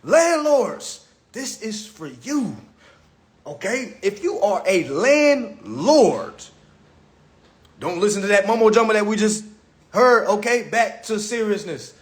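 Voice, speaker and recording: A man livestreaming from his phone delivers a profane, mocking lecture, repeating himself in a casual rant. His voice sits high and sounds animated, and he takes his time.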